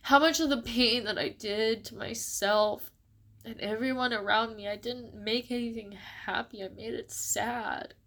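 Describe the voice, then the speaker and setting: A young adult woman in a personal, reflective monologue, speaking in a halting, emotional way and close to tears. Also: on the high side, steady tone, fairly bright tone. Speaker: vlogger.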